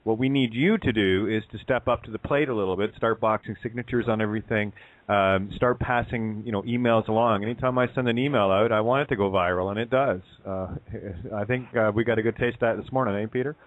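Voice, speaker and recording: Man, radio co-host, rambling, halting, phone-line sound, dry. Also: on the low side, no room sound. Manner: rambling, halting with many fillers. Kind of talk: casual talk radio.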